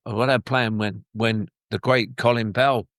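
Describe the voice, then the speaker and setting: An older man tells his stories in a loose, rambling way, slipping into other people's voices as he goes. His voice sits low, and the recording is dry and close. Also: normal speed, no room sound. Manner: rambling, animated, acts out quoted voices. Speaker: former footballer, guest. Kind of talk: anecdotal interview storytelling.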